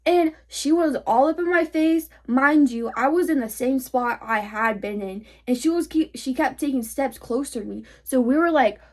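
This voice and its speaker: A woman's voice: high-pitched, normal speed, hardly any pauses, a little mellow. A sixteen-year-old girl heatedly retelling a fight, full of swearing and "like". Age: teens. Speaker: vlogger. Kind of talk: storytime vlog.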